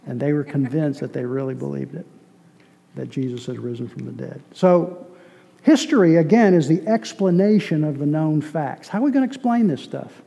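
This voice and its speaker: A man from Boston delivers a teaching sermon in a casual, conversational way, often repeating himself and tossing questions to his audience. His voice sits a bit high but has a dark, mellow tone. It rings with a long reverb, as if heard in a large church hall. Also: expressive, normal speed, gravelly.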